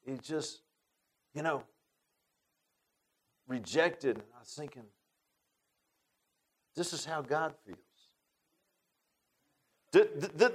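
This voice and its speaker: A man preaching a sermon and telling a childhood story, folksy, moving between loud and hushed. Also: high voice, poor audio.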